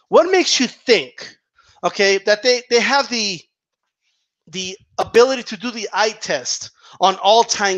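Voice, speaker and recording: A man's voice: sits high, fairly bright tone. A man ranting about boxing in a heated, casual monologue, swearing and repeating himself for emphasis. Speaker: boxing commentator.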